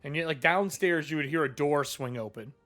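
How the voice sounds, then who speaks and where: A man narrating a tabletop role-playing game as game master, animated and rambling. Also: fairly high pitch, fairly quick, soft background music.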